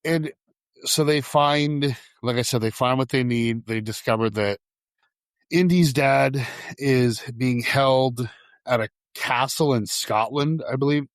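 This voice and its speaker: A man's voice: mid-range voice, slow, no room sound. A man hosting a casual film podcast, retelling scenes and laughing often as he talks. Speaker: podcast host.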